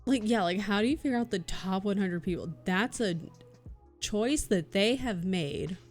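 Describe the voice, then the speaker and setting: A woman's voice: mid-range voice, expressive, normal speed. A woman streamer chatting casually and swearing freely while she does cross stitch and reads her chat. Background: soft background music.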